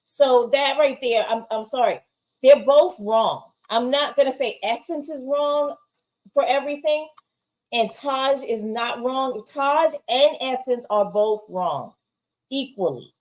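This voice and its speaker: A woman's voice: sits high, slow pace, a little mellow, low-quality recording. A woman co-hosting a casual TV review, giving emphatic opinions and often asking "right?". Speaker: show co-host.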